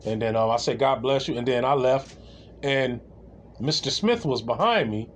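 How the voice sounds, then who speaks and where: Rambling man with a lively voice. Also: medium pitch, moderate pace, a little hiss or hum. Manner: rambling, full of restarts and laughter. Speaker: storyteller. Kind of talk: casual comedic anecdote.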